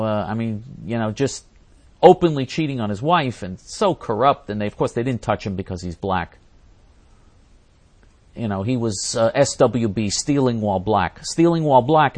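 A man hosting a talk show, reading out listener questions and ranting indignantly, repeating himself and restarting his sentences. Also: on the low side. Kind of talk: angry ranting monologue.

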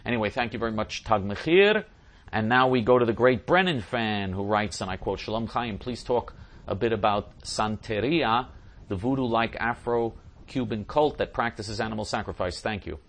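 A man's voice: fairly low pitch, moderate pace, fairly bright tone. A man hosting a show, answering listener questions in an emphatic casual monologue that repeats phrases for stress.

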